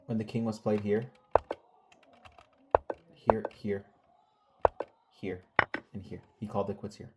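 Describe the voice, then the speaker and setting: A chess commentator recapping a game, calling out moves in quick lists and scolding the players with sarcastic rhetorical questions. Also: low voice, steady tone, heavy background noise. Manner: calls out moves in rapid lists.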